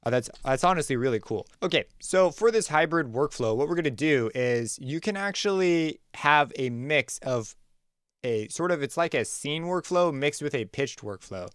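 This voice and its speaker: A man hosting a music production tutorial, talking casually and thinking aloud as he walks through a software workflow. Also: fairly high pitch, normal speed, clear, resonant tone, no echo. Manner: relaxed, conversational, thinks aloud while clicking. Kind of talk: screen-recorded software tutorial.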